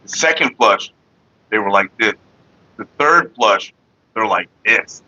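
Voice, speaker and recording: A bright-toned man whose pitch swings widely as he rambles through a casual vlog. He cusses freely and mock-rants. The sound is a bit muffled and lo-fi. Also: lively intonation, measured pace. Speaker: vlogger. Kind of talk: casual smoking-session vlog.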